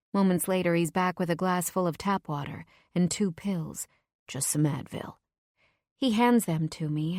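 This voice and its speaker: Lower-voiced woman narrating an audiobook. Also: darkish tone, no echo, studio quality. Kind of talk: first-person audiobook narration.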